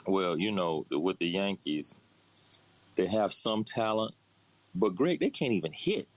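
A man co-hosting a casual sports talk show, animated and agreeable, with frequent quick affirmations. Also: sits low, a little hiss or hum. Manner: animated, agreeable, backchannels often.

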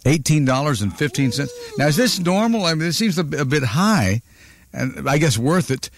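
A man's voice: fairly high pitch, animated, normal speed. Playful man hosting a radio countdown. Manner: playful, chatty, teasing callers.

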